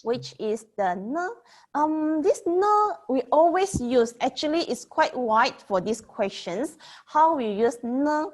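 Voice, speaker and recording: Woman teaching Mandarin, bright-voiced. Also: high voice, expressive. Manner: explains slowly, repeats example sentences, frequent "okay?" checks. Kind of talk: online language lesson.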